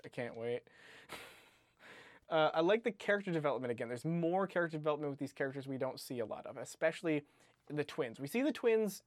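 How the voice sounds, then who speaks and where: A man's voice: on the high side, animated, quick pace, no room sound. A man co-hosting a podcast, bickering casually with his friend, often laughing and teasing in exasperation. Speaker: podcast co-host.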